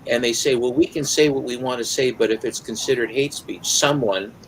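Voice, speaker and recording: A man's voice: mid-range voice, brisk, slight background noise, poor audio. An American man co-hosting a podcast, chatting casually and rambling with frequent fillers and restarts. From United States. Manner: rambling, hesitant with many fillers. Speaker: podcast co-host. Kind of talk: casual chat.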